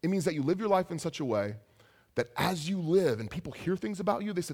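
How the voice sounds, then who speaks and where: A young adult man preaching a sermon as a pastor, telling stories with animated asides. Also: fairly high pitch, fast talker.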